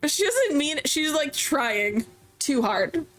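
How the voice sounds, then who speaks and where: Chatty woman streamer, higher voice. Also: unhurried, soft background music. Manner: chatty, animated storytelling with laughs. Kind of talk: casual chat while gaming.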